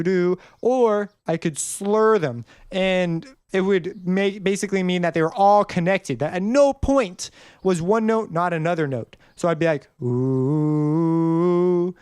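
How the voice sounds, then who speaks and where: A man's voice: high-pitched, moderate pace, clear, resonant tone, dry recording, studio quality. A young man casually explaining music theory in a tutorial, rambling a little and singing short notes to demonstrate. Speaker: music composition teacher. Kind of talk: screen-recorded tutorial.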